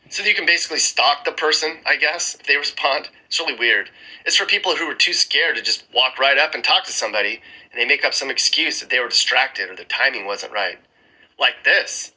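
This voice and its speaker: Bright, husky-voiced man joking over maps. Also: medium pitch, expressive, brisk, poor audio. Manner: sarcastic, chuckling asides. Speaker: screen-recording vlogger. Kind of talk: casual commentary over maps. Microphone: phone screen-recording mic.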